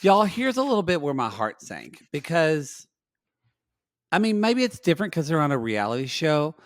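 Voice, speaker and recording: Animated man, lively voice. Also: fairly high pitch, normal speed, no room sound. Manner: animated, breaks into loud dramatic outbursts. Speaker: podcast co-host. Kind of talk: casual chat recapping a reality show.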